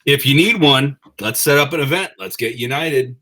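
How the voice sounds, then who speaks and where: A man co-hosting a casual talk, speaking relaxed and hedging with fillers. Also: medium pitch, moderate pace. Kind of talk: casual chat.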